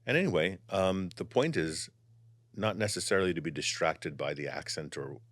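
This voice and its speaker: A man who is a psychic and channeler, talking in an animated, expressive way and easing into calm guided meditation. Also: deep voice, normal speed, no echo. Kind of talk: casual conversation and guided meditation.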